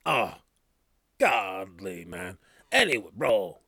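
A man's voice: low-pitched, sing-song, takes it slowly, creaky, very noisy. A man hosting a casual podcast, rambling with loose slang, trailing off and restarting his thoughts. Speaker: podcast host. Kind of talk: casual chat.

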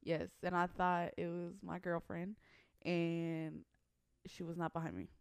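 A woman's voice: fairly low pitch, level tone, a little slow, creaky, clear, resonant tone, no echo, studio quality. A woman co-hosting a casual chat show, telling a story in a laid-back, slangy way. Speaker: podcast co-host.

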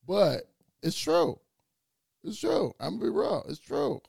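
Casting: expressive, gravelly male podcast host, animated and crude, close dry sound. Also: high-pitched, measured pace, dry recording. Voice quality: animated, profane storytelling. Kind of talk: casual chat.

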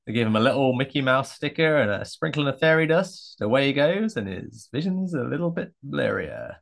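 A man's voice: medium pitch, big pitch swings, a little fast, gravelly. Male podcast co-host, dry wit, casual banter. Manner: dry, joking storyteller.

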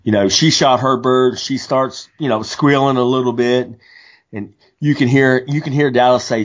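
Male podcast co-host, mid pitch, animated rambling storyteller, lo-fi audio. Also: normal speed. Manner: animated storyteller, frequent restarts. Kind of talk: casual hunting chat.

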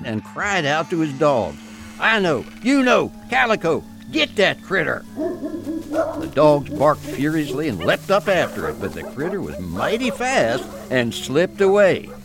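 A man narrating a spooky folk tale in a folksy, slow storytelling manner. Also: mid-range voice, very animated, music in the background.

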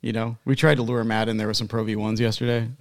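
A man co-hosting a golf podcast, telling animated stories in casual chat and laughing often. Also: fairly low pitch, fast talker, gravelly. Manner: animated storyteller, laughs and swears. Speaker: podcast co-host.

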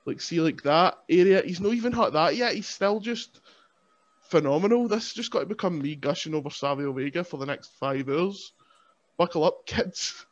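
A man's voice: on the high side, lively intonation, normal speed, lo-fi sound. A man, a pro wrestler guesting on a podcast, chatting casually in a playful, self-mocking way and laughing often.

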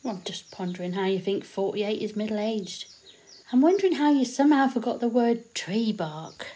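A woman acting a blunt, teasing survivor of a zombie apocalypse in an audio drama, quick with sweary put-downs. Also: medium pitch, animated, dark tone, close to an everyday voice.

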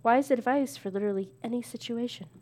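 A woman's voice: fairly high pitch, fast, mellow. A young adult woman co-hosting a casual chat over a party game, giggling and laughing often. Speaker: co-host.

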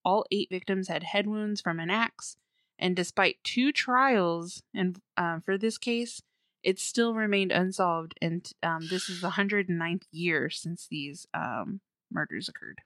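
A woman co-hosting a casual podcast, with a slightly low voice and a dry, close sound. She chats and giggles, then narrates a true-crime story with plenty of fillers and small stumbles. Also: takes it slowly, a bit bright, no room sound. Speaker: podcast co-host.

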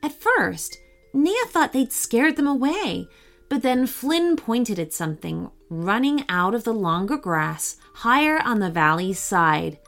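A woman reads a children's storybook aloud, gentle and expressive. Her delivery is slow with a lively, rising-and-falling pitch, and a faint music bed plays beneath. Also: vocal fry. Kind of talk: children's bedtime story reading.

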